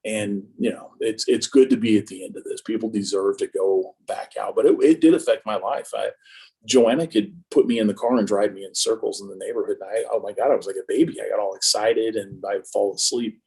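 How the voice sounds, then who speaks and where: A man in his fifties with a low, gravelly, husky voice, speaking as an interview guest. He tells stories about his own life with a joking, self-mocking humor. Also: a little fast, warm tone, poor audio. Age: 50s. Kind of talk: casual conversation.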